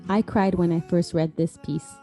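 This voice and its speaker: A woman's voice: fairly low pitch, steady tone, normal speed, mellow. A woman co-hosting a podcast, reacting to a story in a heartfelt, frank way. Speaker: podcast co-host. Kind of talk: casual podcast commentary. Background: faint guitar music.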